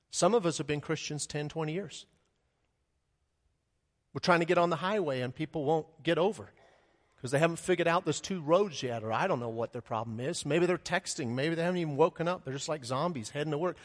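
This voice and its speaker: A man preaching a sermon as pastor, animated, with sudden loud high bursts and quick acted asides. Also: long reverb tail.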